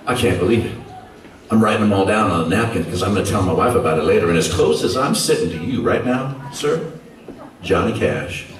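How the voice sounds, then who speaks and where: A rock singer telling a story to his audience between songs, with dramatic pauses and teasing asides to the crowd. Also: low-pitched, lively intonation, background noise. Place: concert club stage. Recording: echoey club from far, loud crowd.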